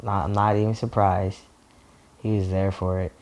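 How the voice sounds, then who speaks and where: A young man telling personal stories in a relaxed, chatty interview, with lots of fillers and frequent laughter. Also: low voice, normal speed. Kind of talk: casual personal storytelling.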